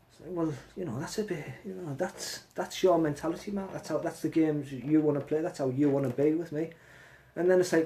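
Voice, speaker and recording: A man's voice: a little high, fairly even intonation, a little fast, warm tone. A man hosting a casual live stream from his phone, talking bluntly and swearing as he calls someone out.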